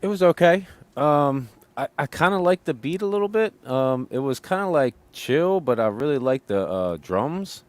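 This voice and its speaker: Hesitant male co-host, smooth dry voice. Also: a little high, lively intonation, normal speed, hardly any pauses, no echo. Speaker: podcast co-host. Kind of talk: casual chat.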